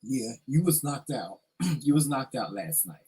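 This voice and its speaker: A man co-hosting a casual home vlog, chiming in with brief, low-key remarks from away from the mic. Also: big pitch swings, measured pace, a little mellow, a little hiss or hum, poor audio. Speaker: vlog co-host. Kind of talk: casual chat. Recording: off-mic in the room.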